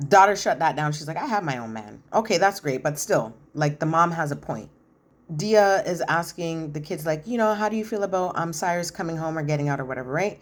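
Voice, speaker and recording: Woman, lowish voice, blunt opinionated reality TV recap, casual chat, acts out quotes. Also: lively intonation, a little fast. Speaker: reality TV commentator.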